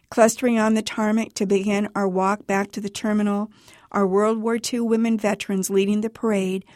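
A woman author reading her own personal account aloud for radio in a measured, even storytelling manner. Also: medium pitch, dry recording, clean studio sound.

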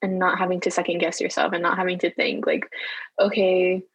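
A woman's voice: lowish voice, monotone, a bit bright, breathy edge, dry recording, low-quality recording. A young woman from Hawaii with a Hawaiian accent, a university student talking candidly in a casual interview and laughing easily. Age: young adult. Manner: chatty and candid, laughs easily, quick bursts.

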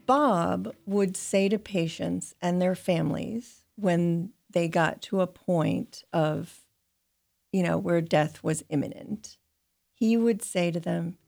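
An older woman reading from her own writing and answering questions, slow, measured and thoughtful. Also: fairly low pitch, creaky, a little mellow, soft background music. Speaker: guest reading from her memoir. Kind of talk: reflective reading and interview answers.

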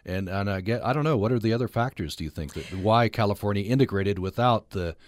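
Give me a male radio interviewer, low voice, hesitant and halting with his questions. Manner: hesitant, repeats words while forming questions. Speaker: radio host.

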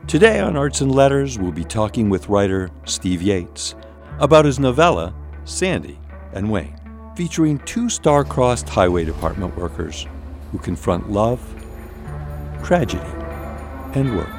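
A man's voice: lowish voice, very animated, a little slow, a little mellow, faint music behind. A male public radio host introducing and interviewing an author, in a polished, announcer-like way.

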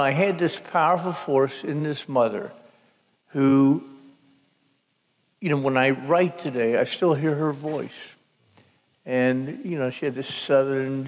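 An older man, a novelist, telling stories from his family life in a slow, wry, self-deprecating way during a live public conversation. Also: medium pitch. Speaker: novelist guest. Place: live event before an audience. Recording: hall reverb from a live event.

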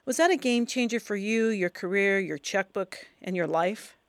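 A woman's voice: medium pitch, moderate pace, no echo. Woman host asking questions, dry sound. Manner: brief, encouraging questions. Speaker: interview host. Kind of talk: radio interview.

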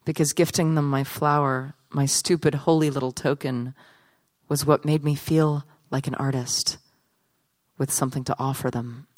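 A woman performing a spoken story and reading aloud, with a wry, unhurried, deadpan delivery. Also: deep voice.

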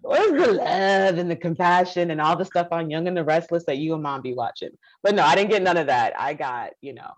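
A woman's voice: lowish voice, lively intonation, fairly quick, hardly any pauses. A woman born in Haiti telling her life story with passion, acting out the voices of people she quotes. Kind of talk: personal storytelling talk. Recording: dull lo-fi recording.

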